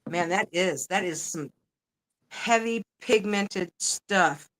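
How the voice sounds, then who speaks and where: A woman's voice: fairly low pitch, slow pace, a bit bright, rough recording. A woman hosting a casual crafting livestream, chatty and swearing casually as she works. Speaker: livestream host. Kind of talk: casual chat while crafting.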